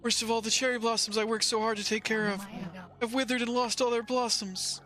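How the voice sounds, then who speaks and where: A man voicing a frail, fretful old male gardener in a video game, speaking slowly and mournfully. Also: extremely high pitch, little pitch movement, sharp tone, soft background music, pitched above the performer's own voice.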